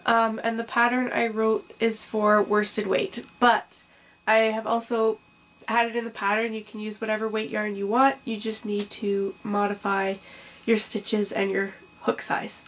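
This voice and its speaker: A young woman hosts a casual crochet vlog in a mid-range, flat voice at a measured pace, with slight background noise. She rambles with lots of ums and restarts, a bit under the weather with hiccups and a cough, so she takes it slow.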